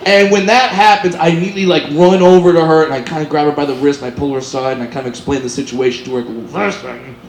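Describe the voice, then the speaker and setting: High-voiced man doing animated stand-up. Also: very fast, few pauses. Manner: animated, acts out characters in loud high shouts. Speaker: stand-up comedian. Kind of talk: stand-up storytelling. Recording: echoey live venue with background noise.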